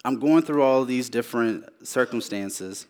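A man preaching a personal testimony in a sermon. He repeats phrases for emphasis, rising to urgent, louder lines and then dropping to hushed ones. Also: mid-range voice, a little slow. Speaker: speaker sharing his testimony.

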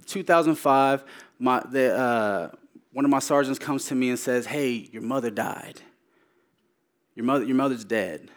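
A man preaching his personal testimony, repeating phrases for emphasis and moving between raised, urgent lines and hushed ones. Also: medium pitch. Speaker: speaker sharing his testimony.

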